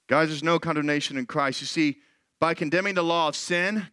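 A man in his thirties preaching a sermon as pastor, animated and acting out quoted voices. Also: fairly high pitch, fairly quick, dry recording.

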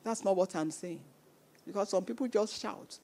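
In her sermon, this woman repeats phrases for emphasis and performs the quoted voices of the people she describes. She speaks at medium pitch and normal speed in a mellow tone, with a little hiss or hum in the background.

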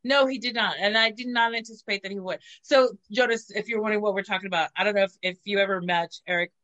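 A woman's voice: medium pitch, steady tone, fast talker, a bit bright, no room sound, muffled recording. A woman hosting a casual podcast chat, telling crude stories with lots of giggles and "you know.". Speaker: podcast host.

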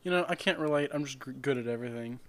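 A man's voice: medium pitch, racing, fairly bright tone, a little hiss or hum. A young man co-hosting a podcast, rambling and joking in casual chat. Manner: rambling, jokey, with mocking put-on rants. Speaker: podcast co-host.

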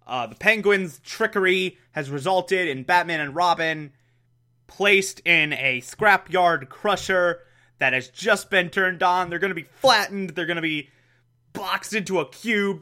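Casual male recap host, chatty and jokey, bright voice, a bit high. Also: measured pace. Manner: chatty, jokey, laughs often. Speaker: podcast host.

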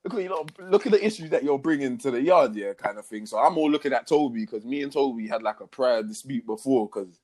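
Husky young man telling a story. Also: medium pitch, quick pace, hardly any pauses. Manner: laughing, slangy, animated retelling. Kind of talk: casual storytelling chat.

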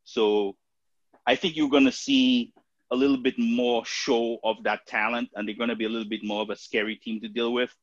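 A man chats about football picks, halting and full of fillers and restarts. His voice comes through a dull, lo-fi recording. The room sound is dead dry. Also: medium pitch, flat delivery, dry recording. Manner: hesitant, many fillers and restarts. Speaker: podcast co-host. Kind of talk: casual sports talk.

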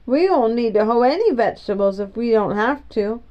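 A woman reading the lines of an eager, stubborn young boy, insistent and excitable, in a storybook reading. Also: on the high side, a little fast, close to an everyday voice. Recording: dull lo-fi recording.

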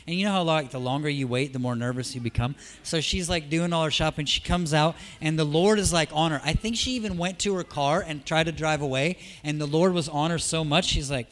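A man preaching in a church, his voice sitting a little high for a man. He tells stories in a relaxed, chatty way, then climbs into loud, emphatic peaks before dropping back to quiet asides. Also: a little fast. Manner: animated, conversational, swings from soft asides to loud emphatic peaks. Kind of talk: sermon with storytelling.

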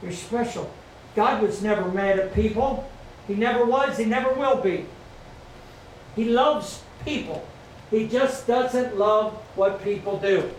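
A middle-aged pastor with a high voice preaches a sermon in a repetitive call-and-response style. He's captured from a distance inside an echoey church sanctuary, faint ambient noise in the background.

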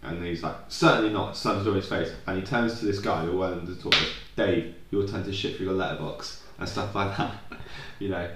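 A man's voice: deep voice, fairly even intonation, brisk, few pauses, fairly bright tone, roomy sound, a little hiss or hum. A young man co-hosting a podcast, chatting casually and rambling off on tangents with plenty of swearing. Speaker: podcast co-host. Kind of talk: casual chat.

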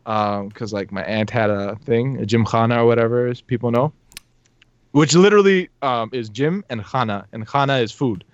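A young man casually telling a story on a podcast, animated, laughing often and acting out what people said. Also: medium pitch, normal speed, clean tone, dry recording, muffled recording.

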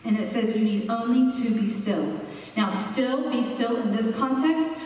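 A woman preaching a sermon, expressive and slowing down for emphasis. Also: fairly high pitch, slight background noise. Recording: echoey hall, mic far off.

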